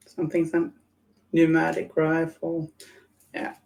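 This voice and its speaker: Working at her hobby desk at home, this miniature-painting livestream host chats casually and mutters jokes to herself. She speaks slowly in a deep, creaky, slightly mellow voice with a completely flat delivery, captured on a rough recording.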